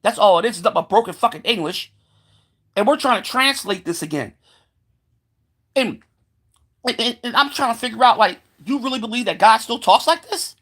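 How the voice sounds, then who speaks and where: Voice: medium pitch, lively intonation, normal speed, long pauses, fairly bright tone. Swearing, sarcastic ranting vlogger. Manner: heated, sarcastic, swears constantly; stumbles into repeated filler words. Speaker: solo vlogger. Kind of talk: profane rant to camera.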